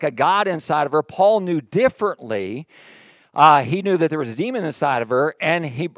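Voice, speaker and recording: A male pastor delivers an animated sermon with a high-pitched voice. He drops into quiet, jokey asides, then rises into loud, emphatic reading. The sound is dry and close, with little room echo. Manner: jokey, sarcastic asides to the congregation. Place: church.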